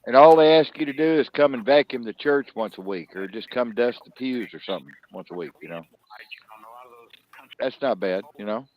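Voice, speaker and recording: A man talking in a loose, rambling way, filling his stories with "you know." His voice sits at an ordinary pitch. The recording sounds a little dull and lo-fi. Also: moderate pace. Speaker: storyteller in a casual talk. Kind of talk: casual chat.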